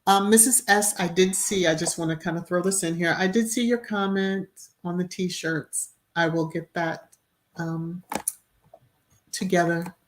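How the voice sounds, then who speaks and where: A woman's voice: fairly low pitch, steady tone, unhurried. Chatty woman hosting a live stream. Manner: chatty, laughs often, bursts into little sung phrases. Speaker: livestream host reading viewer comments. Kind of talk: casual live-stream chat.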